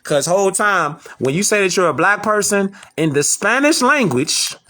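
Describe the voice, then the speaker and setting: A man's voice: high voice, expressive, moderate pace, bright, forceful tone. A man lecturing his audience in an emphatic, preachy way, repeating rhetorical questions. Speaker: online lecturer. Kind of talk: preachy commentary to camera.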